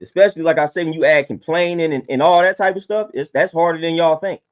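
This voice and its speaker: A man's voice: a little high, steady tone, fast, muffled recording. A man talking casually on a livestream, laid-back and preachy, often repeating his points. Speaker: livestream host.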